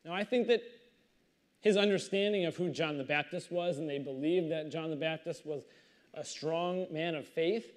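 Male pastor, slightly high voice, animated reading and sermon commentary. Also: moderate pace. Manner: animated storytelling, reads scripture then comments conversationally.

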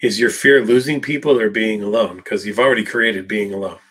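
A man's voice: lowish voice, steady tone, fairly quick, a bit bright, slightly rough. A man, a psychologist, answering viewer questions on a live Q&A, speaking emphatically and addressing people directly by name. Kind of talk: live Q&A, casual talk.

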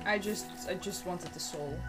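A woman's voice: lowish voice, moderate pace. A young woman with a Dutch accent, chatting playfully as she streams a game, with a self-mocking tone. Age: young adult. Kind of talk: casual gameplay commentary. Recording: music playing behind.

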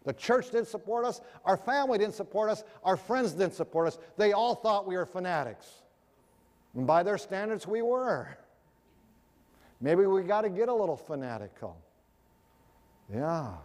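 A middle-aged man preaching a sermon, telling stories with animated, emphatic exclamations. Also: sits high, moderate pace, pauses often. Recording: long hall reverb.

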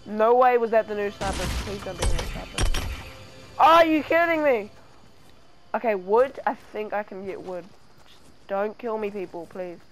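A gaming channel host giving live gameplay commentary, excitable, who yelps and pleads whenever danger comes close. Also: medium pitch, normal speed, faint music behind.

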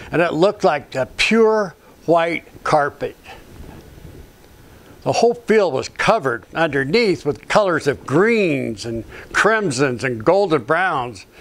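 A man's voice: on the high side, a bit bright. Earnest man telling his faith testimony. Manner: earnest, rambling, many "you know" fillers. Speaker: ministry speaker.

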